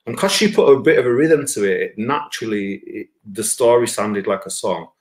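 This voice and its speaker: A man telling a rambling, sweary personal anecdote, jumping up loud when he quotes himself. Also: on the low side, brisk. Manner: sweary, animated, rises to shouts when quoting himself. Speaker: storyteller. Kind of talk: casual anecdote.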